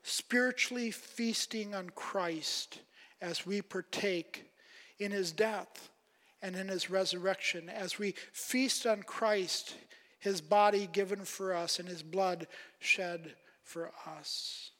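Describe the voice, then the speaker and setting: A man preaching a sermon, emphatic, rising on quoted questions and dropping soft at phrase ends. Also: sits high, slow pace. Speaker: pastor. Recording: long hall reverb.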